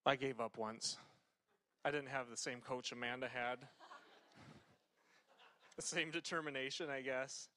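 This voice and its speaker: A man's voice: mid-range voice, steady tone, unhurried, pauses often, bright, forceful tone, slight background noise. A man preaching a sermon in a conversational way, telling a personal story with frequent fillers and restarts.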